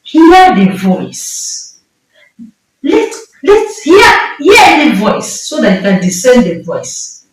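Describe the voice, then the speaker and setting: A woman's voice: high-pitched, big pitch swings, slow pace, heavy background noise. A woman with a Nigerian accent preaching a sermon with impassioned, emphatic delivery and repeated phrases. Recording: echoey room, mic far off.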